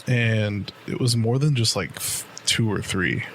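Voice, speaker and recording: Slight background noise sits under a lowish male voice moving at a measured pace. The speaker, a podcast co-host in his late twenties, rambles through a long, profane story, leaning heavily on "like" and "right?".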